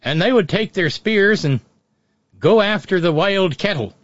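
A man's voice: high-pitched, expressive, measured pace, no echo. Man, sardonic commentary, profane, rambling, dry muffled recording. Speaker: political commentator. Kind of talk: off-the-cuff commentary. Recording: dull, dry lo-fi audio.

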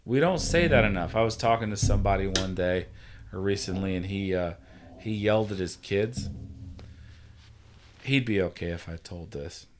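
An earnest man hosting a relaxed podcast chat. His voice sits low, and he talks in a reassuring, storytelling way. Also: normal speed, noisy background. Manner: earnest, reassuring, tells stories. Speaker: podcast host, father. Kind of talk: casual chat.

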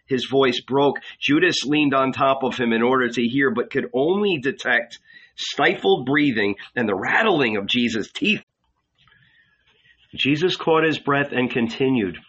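A man narrating an audiobook in a measured, unhurried reading. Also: medium pitch, animated, a bit bright, husky. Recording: dull lo-fi recording.

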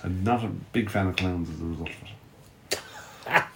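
A man's voice: deep voice, normal speed, a little hiss or hum. A man in a casual chat among friends, making dry, wry remarks.

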